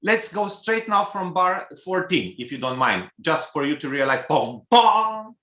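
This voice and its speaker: A man coaching a cello student in a masterclass, pausing often with fillers and singing phrases aloud to show them. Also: on the high side, sing-song, bright, forceful tone. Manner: hesitant, many fillers, sings phrases aloud. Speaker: cello teacher. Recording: roomy hall with instrument music.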